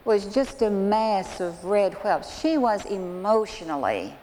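A woman's voice: mid-range voice, animated, takes it slowly, dark tone. Woman counselor giving a sermon story, earnest, big echoey hall, faint hiss. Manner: earnest, illustrative storytelling with direct asides. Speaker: Christian counselor and speaker. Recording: long hall reverb, faint noise.

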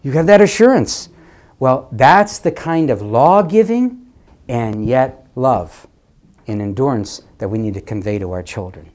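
Animated male preacher giving a sermon. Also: medium pitch, measured pace. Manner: animated, swings between loud and hushed, repeats words.

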